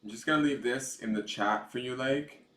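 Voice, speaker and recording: A man's voice: mid-range voice, moderate pace, a bit bright. A man giving a casual livestream tarot reading, rambling and chatty with some swearing, recorded on a camera mic. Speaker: tarot reader. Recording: echoey room.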